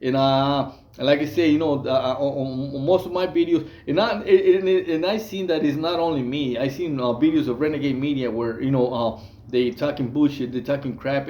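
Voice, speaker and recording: A man's voice: a little high, fairly even intonation, moderate pace, warm tone, reverberant, muffled recording, slight background noise. A man from Mexico, casually telling prison stories in a rambling way, full of fillers, restarts and slang. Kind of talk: casual storytelling monologue.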